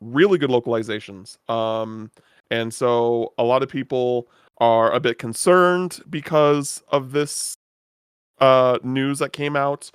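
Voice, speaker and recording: Chill podcast guy, smooth clear voice, dry close sound, lots of ums. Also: medium pitch, slow pace, no echo. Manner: relaxed, hesitant, many "uh" and "um". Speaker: podcast co-host. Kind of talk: casual chat.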